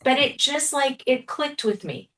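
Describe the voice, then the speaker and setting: A middle-aged woman physician chatting casually on a panel, animated and peppered with "like", speaking on a video call. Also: sits high, a little slow, a little hiss or hum. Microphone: video call laptop mic. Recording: distant laptop mic on a video call.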